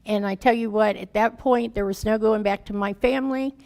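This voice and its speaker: Woman in her fifties, guest speaker, gravelly, average pitch, raw emotional testimony, folksy plain talk. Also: fairly even intonation, brisk, darkish tone. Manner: candid and plain-spoken, folksy grammar. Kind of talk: personal recovery testimony.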